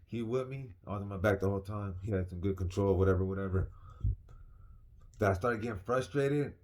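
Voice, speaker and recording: A young man casually telling a personal story, animated and slangy, repeating phrases for emphasis. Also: deep voice, a little fast. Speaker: vlogger.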